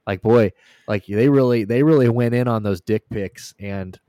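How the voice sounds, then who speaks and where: A man's voice: fairly low pitch, moderate pace, dark tone, no echo, clean studio sound. A man co-hosting a podcast, trading crude, profane jokes and laughing often. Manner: crude, laughing banter with lots of swearing. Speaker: podcast co-host. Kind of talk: casual profane chat.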